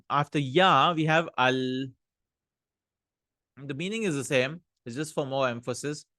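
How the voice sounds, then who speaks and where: Bright-voiced man teaching Arabic grammar. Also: mid-range voice, no room sound, clean studio sound. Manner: reads Arabic examples then translates and explains rules, casual with fillers. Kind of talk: grammar lesson explaining sentences.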